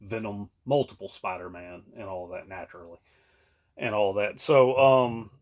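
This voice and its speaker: A man's voice: fairly low pitch, normal speed. Rambling man in his late thirties. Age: late 30s. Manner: rambling, many fillers, laughs often. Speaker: podcast co-host. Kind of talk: casual chat.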